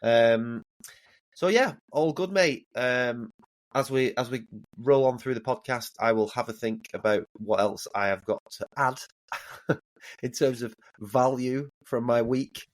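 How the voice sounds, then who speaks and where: A man's voice: mid-range voice, a little slow. A man co-hosting a podcast who talks casually and hesitantly with many ums. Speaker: podcast co-host.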